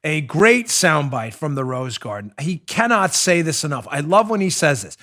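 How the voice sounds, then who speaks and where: A man hosting a political talk show, animated and mocking, often breaking into laughter. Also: on the high side, moderate pace. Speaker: host.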